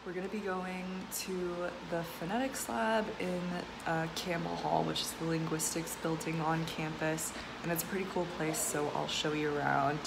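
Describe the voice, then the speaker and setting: A woman's voice: low voice, creaky, heavy background noise. A young woman student chatting casually in a vlog, filling her talk with "like". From United States. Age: young adult. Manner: chatty, many "like" fillers. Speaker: university student vlogger. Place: home room and campus lab.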